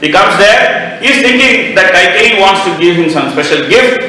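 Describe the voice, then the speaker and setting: A man giving a devotional class, retelling scripture as a lively storyteller with moralizing asides. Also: sits high, moderate pace. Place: temple hall. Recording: echoey temple hall heard from far off.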